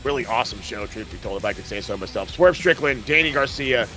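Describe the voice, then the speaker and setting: A man's voice: lowish voice, expressive, fast, a bit bright, soft background music. A man hosting a podcast, recapping wrestling in casual, profane, rambling chat. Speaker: podcast host.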